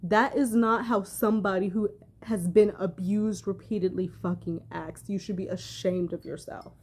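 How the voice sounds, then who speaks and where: A woman vents to her audience in a furious, profanity-laced commentary. Her voice is mellow and warm, even while she hammers each point with heavy emphasis. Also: medium pitch, moderate pace, slightly rough. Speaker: commentary vlogger. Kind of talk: heated commentary rant.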